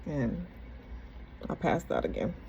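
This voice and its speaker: A woman candidly retelling a personal story in a casual, halting, conversational way. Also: deep voice, big pitch swings, creaky, a little mellow, lo-fi sound, slight background noise.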